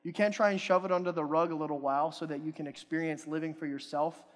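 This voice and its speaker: Brief: young male preacher, casual joking sermon, slightly high voice, long reverb of a big hall. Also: fairly even intonation, quick pace. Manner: casual, joking, self-deprecating.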